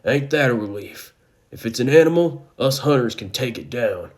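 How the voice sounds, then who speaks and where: A man voicing a seasoned hunter and father who speaks in a folksy, rustic way with calm reassurance. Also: medium pitch, moderate pace, voice pushed up, close to an everyday voice. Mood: steady.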